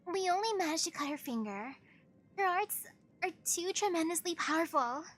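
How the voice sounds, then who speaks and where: A woman voicing an earnest, gentle young girl leader in a video game, speaking in a pleading, heartfelt way. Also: very high-pitched, lively intonation, moderate pace, pitched above the performer's own voice. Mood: awed.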